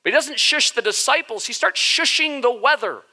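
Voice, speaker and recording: A man's voice: very high voice, expressive, normal speed, pushed and bright. A man preaching a casual sermon as the church's pastor, joking and conversational. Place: church sanctuary.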